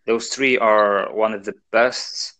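A man's voice: fairly low pitch, fairly even intonation, takes it slowly, bright, forceful tone, rough recording. A man from Algeria, speaking English as a second language, in a casual chat, hesitant with many fillers. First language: not English. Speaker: conversation partner.

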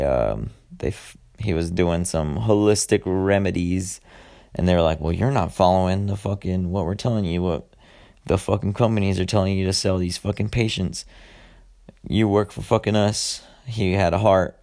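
Young male podcast host, deep gravelly voice, loose and foul-mouthed, lots of ums. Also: a little mellow. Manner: rambling, profane, frequent filler words. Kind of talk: casual solo podcast monologue.

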